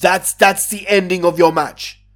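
A man's voice: high-pitched, fairly even intonation, unhurried, fairly bright tone. A man giving a casual, sarcastic wrestling review and swearing freely.

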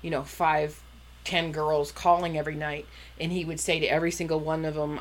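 A woman chatting casually on a podcast, recounting a story in halting bits with fillers and restarts. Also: sits low, little pitch movement. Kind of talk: casual chat.

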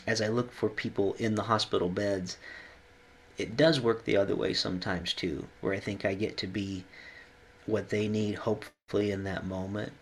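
Earnest low-voiced male chaplain. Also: a bit bright, slight background noise. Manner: earnest, pausing, gets choked up. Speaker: hospital chaplain. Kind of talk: reflective conversation.

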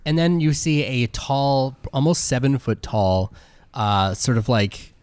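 A man's voice: medium pitch, slow, a little mellow, clean tone, no echo. Guy running a tabletop game, laid back, lots of uh and um, dry close mic. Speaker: game master.

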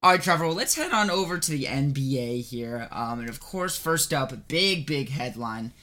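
A man's voice: mid-range voice, lively intonation, moderate pace, sharp tone. A man co-hosting casual sports talk, loose with lots of fillers. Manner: casual, heavy use of "like" and "you know". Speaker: sports podcast co-host.

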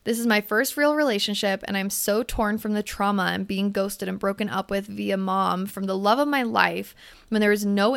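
A woman's voice: mid-range voice, gravelly, a bit bright. A young woman hosting a podcast, reading out a listener's letter and giving candid advice with lots of swearing and fillers. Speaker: podcast host. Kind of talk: casual advice talk.

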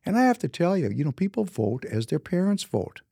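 A man's voice: a little high, big pitch swings, fairly quick, vocal fry, warm tone, husky, no echo, clean studio sound. A man in his fifties from Minnesota tells personal stories in a casual monologue, emphatic and often repeating words for emphasis. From Minnesota, United States. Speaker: businessman.

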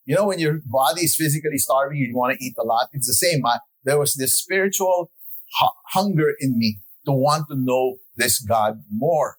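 A man's voice: mid-range voice, normal speed, breathy edge, rough recording. A man in his sixties giving an earnest, reflective personal testimony in a sermon, with frequent "you know" asides. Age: 60s.

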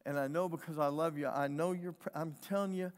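Pastor guy preaching, slightly high voice, acts out the story, big echoey hall. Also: steady tone, fairly quick. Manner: storytelling, acting out voices, shifts from loud to hushed. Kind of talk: sermon.

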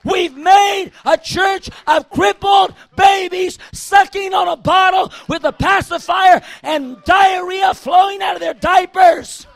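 A man's voice: extremely high pitch, steady tone, takes it slowly, gravelly, few pauses, fairly bright tone, dry recording, shouting, some chatter behind. A man preaching a fiery, emphatic sermon.

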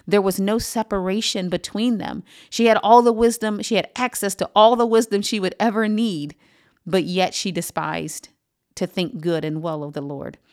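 A woman's voice: mid-range voice, fairly even intonation, a little mellow. Earnest woman pastor teaching scripture. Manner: earnest, emphatic, with frequent "um" pauses. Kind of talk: podcast Bible teaching.

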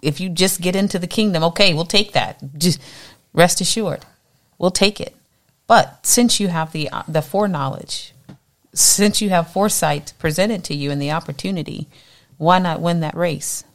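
Low gravelly woman teaching the Bible. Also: normal speed. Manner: animated, acts out voices in quotes.

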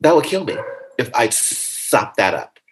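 A man being interviewed in a casual conversation, talking in a playful, animated way that jumps into high comic voices. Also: measured pace, slight background noise, low-quality recording. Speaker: interview guest.

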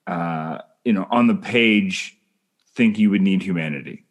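Brief: low-pitched man, rambling podcast co-host, casual. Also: unhurried. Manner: rambling, thinking aloud with many restarts. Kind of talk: casual chat.

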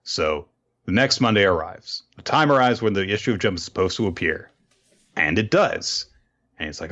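A man hosting a podcast, casually recapping a manga chapter with animated storytelling and profane asides. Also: deep voice, moderate pace, dull audio. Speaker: podcast host.

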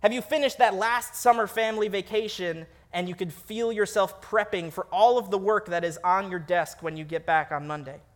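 Animated high-voiced young male preacher. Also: moderate pace, few pauses. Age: young adult. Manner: animated storytelling, laughs at himself. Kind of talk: sermon.

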